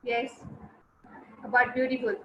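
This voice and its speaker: A high-voiced woman teacher speaks slowly and deliberately, spelling out syllables and repeating key words. She gives short, brisk commands between explanations. Her voice sits in a roomy, slightly dull recording. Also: flat delivery, a little hiss or hum. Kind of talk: online class lesson.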